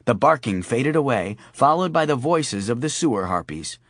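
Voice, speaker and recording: A man's voice: medium pitch, expressive, moderate pace, fairly bright tone, no echo, studio quality. A man narrating an audiobook in a wry, storytelling manner. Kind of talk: scripted narration.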